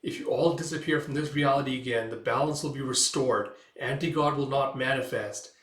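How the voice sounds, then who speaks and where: A man as a grave cosmic hero, slow and measured, sitting in his own register. The room adds a clear echo. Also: medium pitch, a bit bright, natural voice.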